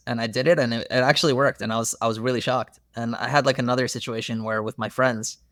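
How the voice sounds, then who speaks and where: A man's voice: mid-range voice, fast, hardly any pauses, dry recording. Young male therapist, casual podcast guest, eager storyteller, dry close-miked sound. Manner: earnest, animated storytelling with many fillers.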